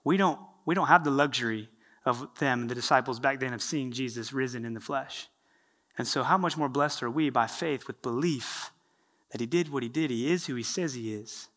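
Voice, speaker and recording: A man preaching a lively sermon, retelling scripture stories and acting out the characters' lines. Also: medium pitch. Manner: animated, storytelling with acted-out quotes. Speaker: pastor.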